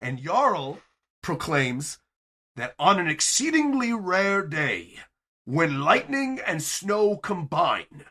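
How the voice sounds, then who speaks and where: Male podcast host, higher voice, lively delivery, narrating a story recap. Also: takes it slowly. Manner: animated, acts out character lines as he narrates. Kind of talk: enthusiastic chapter recap.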